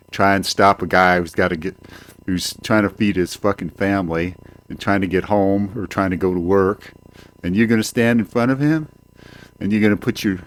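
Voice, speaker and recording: An older man ranting at home into a desk microphone, profane and rambling, often stalling on fillers. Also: lowish voice. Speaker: home video show host. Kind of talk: ranting monologue. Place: home, indoors.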